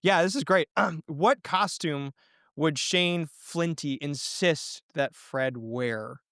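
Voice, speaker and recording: A man with a fairly high voice hosts a collaborative story podcast and talks through plot ideas in a loose, thinking-aloud way. He pauses on ums and restarts his sentences. The sound is dry and close, with no room around it. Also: a bit bright, clean tone, dry recording. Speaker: game master and podcast host. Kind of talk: casual story-planning chat.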